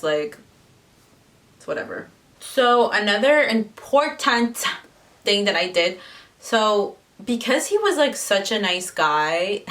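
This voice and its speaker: A woman's voice: mid-range voice, animated, moderate pace, a bit bright, recorded from a distance. A young woman telling a personal story in casual vlog chat, full of "like" fillers. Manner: chatty, lots of "like" fillers. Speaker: vlogger.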